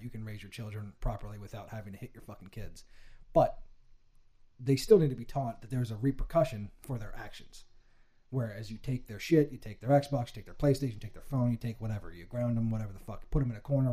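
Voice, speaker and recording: A man's voice: mid-range voice, dark tone, no room sound. A young man ranting heatedly with lots of swearing in a casual chat.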